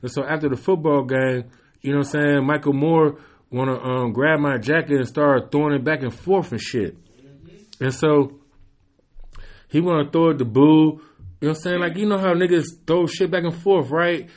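A man's voice: on the high side, fairly even intonation, normal speed. A man casually telling a long childhood story to a friend, rambling, swearing freely and often adding "you know what I'm saying". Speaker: storyteller in a live chat. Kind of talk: casual chat.

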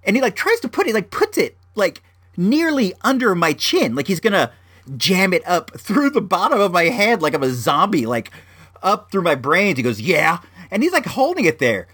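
A man's voice: sits high, huge pitch swings, moderate pace, a bit bright, husky. A man casually telling a personal story on his show, rambling with lots of fillers and restarts.

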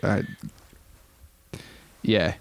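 A man chatting casually as a podcast co-host, animated and quick to slip into silly voices. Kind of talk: casual chat.

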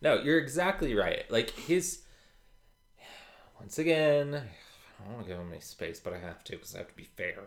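A man co-hosting a podcast in casual chat, trading sarcastic deadpan jokes. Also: medium pitch, moderate pace, long pauses. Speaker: podcast co-host.

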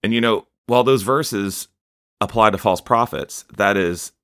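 A man's voice: lowish voice, a little slow, fairly bright tone, no echo, clean studio sound. A man preaching a sermon in a conversational way, often saying "you know" and reading scripture aloud.

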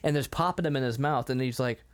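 A man's voice: mid-range voice, quick pace, clean tone. A man co-hosting a podcast in casual chat, who laughs often and acts out the lines of the people he talks about. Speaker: podcast co-host.

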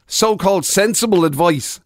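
A man's voice: sits high, moderate pace, no echo, clean studio sound. A man with an Irish accent co-hosting a radio show, teasing his partner wryly and often laughing. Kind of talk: casual comedic banter.

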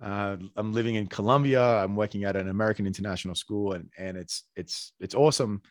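A man's voice: fairly low pitch, fairly even intonation, a little fast, no room sound, clean studio sound. A man with an Australian accent hosting a casual podcast conversation, chatty and full of restarts. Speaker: podcast host. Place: Colombia.

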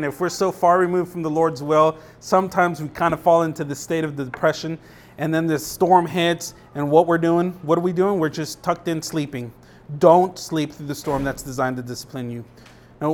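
A young adult man, a pastor, preaching a sermon in a conversational way, often checking in with the congregation and reading scripture aloud with rising emphasis. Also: on the high side.

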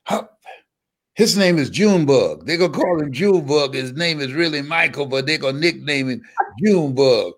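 A man's voice: a little high, expressive, moderate pace. An older man, a motivational speaker, talking with a preacher-like cadence and repeating words for emphasis. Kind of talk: motivational speech in an interview.

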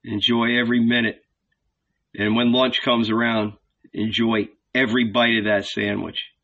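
A man reading a novel aloud as the regular reader, slow and deliberate, closing with an affectionate sign-off. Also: medium pitch, little pitch movement, bright, forceful tone, muffled recording. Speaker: audiobook reader. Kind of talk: scripted narration.

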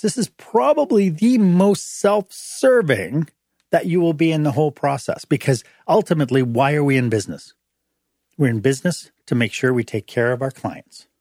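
A man's voice: mid-range voice, husky, no room sound, studio quality. A middle-aged man hosting a motivational talk on management, acting out short dialogues in changed voices. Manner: animated, acts out little dialogues in changed voices. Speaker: host.

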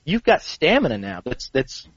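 A man's voice: medium pitch, huge pitch swings, moderate pace, husky, dry recording, lo-fi sound. A man mentoring a friend through fitness training, encouraging him in a rambling way with many restarts. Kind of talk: earnest group conversation.

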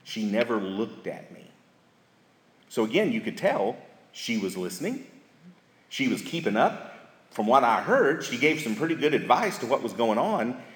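A man's voice: mid-range voice, very animated, normal speed. A man, speaking at a church marriage seminar in a folksy, storytelling manner with emphatic repetition, recorded in an echoey hall. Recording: echoey hall with live audience.

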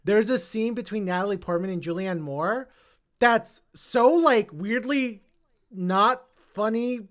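A woman hosting a casual film podcast, talking animatedly and repeating words when she gets excited. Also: medium pitch, measured pace. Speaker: podcast host.

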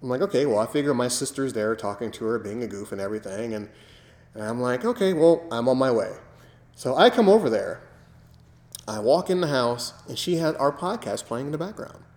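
A man's voice: medium pitch, brisk. Man co-hosting in an echoey room. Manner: animated storyteller, acts out quotes. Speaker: podcast co-host. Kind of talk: casual chat. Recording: echoey room with long reverb.

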